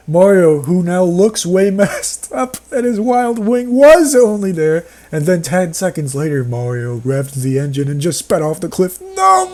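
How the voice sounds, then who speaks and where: A man's voice: sits high, warm tone. A man reading a horror story aloud and mocking it with sarcastic remarks and bursts of laughter. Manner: sarcastic, breaks into laughter and outbursts. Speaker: reader and commentator.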